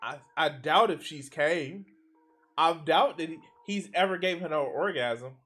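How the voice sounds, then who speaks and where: A man's voice: fairly high pitch, a little slow, a bit bright, breathy edge, faint music behind. A man streaming live, reacting to a speech with profane, exasperated and sarcastic commentary that often trails off and restarts mid-sentence.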